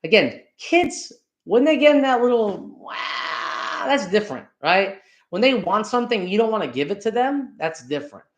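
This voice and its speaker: A man hosting a podcast, talking candidly about his childhood, blunt and swearing freely, dropping into quick mocking voices. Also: sits high, sing-song. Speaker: podcast host. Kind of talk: candid solo monologue.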